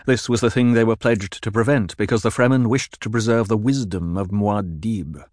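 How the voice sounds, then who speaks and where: A man narrates an audiobook with a measured, dramatic reading. His voice sits on the low side, and the recording is dry and close, without room reflections. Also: a little mellow, no room sound.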